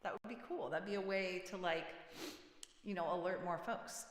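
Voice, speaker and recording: A woman's voice: fairly low pitch, moderate pace. A woman hosting a casual music livestream, chatting with viewers, reading their comments aloud and laughing often. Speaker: singer-songwriter livestream host. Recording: roomy with long reverb.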